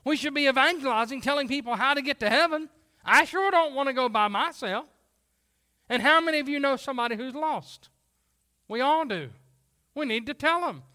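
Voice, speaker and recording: High, bright-voiced preacher. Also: male voice, moderate pace. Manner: folksy, animated preaching with dramatized voices. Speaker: pastor. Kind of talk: sermon.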